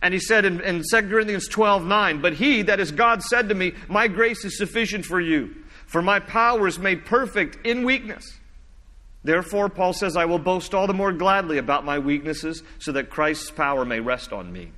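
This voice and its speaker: Male pastor, sermon delivery, slow scripture readings, soft low emphasis, reverberant hall sound. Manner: teaching, reads scripture slowly, drops low and soft for emphasis.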